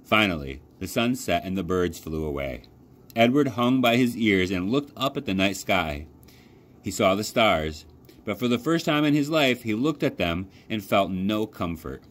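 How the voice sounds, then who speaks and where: A man from a library youth program reading a children's novel aloud as expressive storytelling. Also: normal speed. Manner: expressive storytelling with lively pitch. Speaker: library youth services coordinator. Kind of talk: children's book read-aloud.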